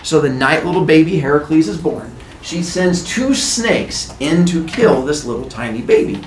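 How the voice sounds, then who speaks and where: A man's voice: on the high side, lively intonation, moderate pace, slight background noise. A man teaching a class, retelling a myth in a playful, jokey storytelling way. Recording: echoey classroom.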